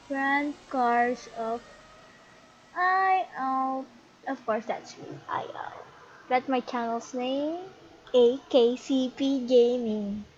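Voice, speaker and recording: A young woman casually commenting on her own gameplay, chatty and exclamatory, calling out to other players. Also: sits high. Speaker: gaming channel host. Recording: muffled lo-fi audio with noise.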